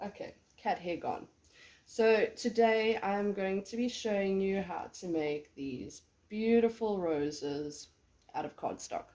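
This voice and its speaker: A woman in her thirties with a hoarse, sick voice, chatting casually and self-deprecatingly through a home craft tutorial. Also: mid-range voice, expressive, takes it slowly, darkish tone. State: hoarse from illness. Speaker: crafting vlogger.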